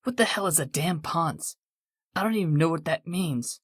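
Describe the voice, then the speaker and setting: A man's voice: a little high, expressive, moderate pace, a bit bright, slightly rough, dry recording, studio quality. A man voicing an irritated, defensive man in an audiobook. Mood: annoyed.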